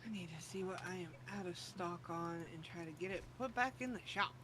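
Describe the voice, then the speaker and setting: A friend on a voice call, chatting casually in a relaxed way and laughing often. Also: medium pitch, fairly quick, background noise. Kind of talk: casual chat over voice call.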